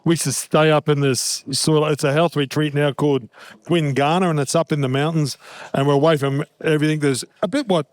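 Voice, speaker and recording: This is a man in his middle years with a fairly high voice, recorded close and dry. He spins yarns at a live pub show, swearing freely and laughing through his punchlines. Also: steady tone, brisk, no echo. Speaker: guest, former rugby league captain. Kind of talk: casual storytelling at a live show.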